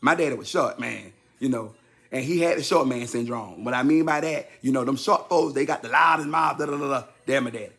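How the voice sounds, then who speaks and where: A man in his fifties telling a personal story casually to his listeners, repeating himself for effect and jumping high and loud whenever he acts out what someone said. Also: brisk. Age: 50s. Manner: animated, leaps high and loud when acting out quotes; talks straight to the audience, repeating himself.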